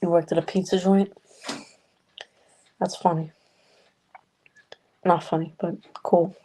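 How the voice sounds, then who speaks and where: Woman streamer, low mellow voice, casual profane chat, home room. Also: flat delivery, slow pace, rough recording. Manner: profane, loose and rambling. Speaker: livestream host. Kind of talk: casual chat with live chat viewers. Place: home room with a noisy fish tank.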